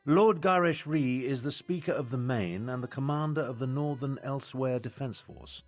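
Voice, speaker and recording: An actor playing a pompous, self-important older imperial battle mage in a video game, lecturing with an air of superiority. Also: male voice, mid-range voice, normal speed, soft background music, close to an everyday voice. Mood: explaining.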